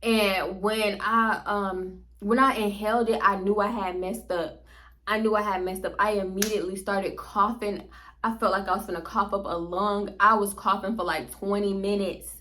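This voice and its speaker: A woman telling a story to her viewers in a casual, slangy way, animated and laughing often. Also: medium pitch, normal speed.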